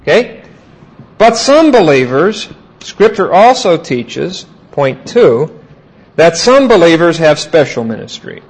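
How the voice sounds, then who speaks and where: A man teaching a Bible class, asking his students questions and repeating key points slowly. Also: fairly high pitch, very animated, husky, poor audio.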